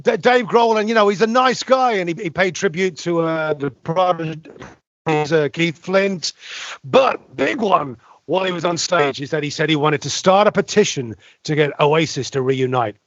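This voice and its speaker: Podcast co-host, male, higher-pitched, animated, dry and dull-sounding recording. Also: normal speed, dry recording. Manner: animated, talks over others, frequent restarts. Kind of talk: casual chat.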